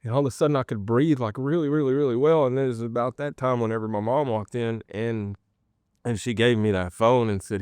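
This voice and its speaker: Man, personal testimony, halting and earnest, smooth resonant voice, dry close sound. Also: medium pitch, a little mellow, dry recording. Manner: halting, earnest storytelling with many pauses and restarts. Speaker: guest sharing a personal testimony. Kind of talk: personal faith testimony, told in an interview.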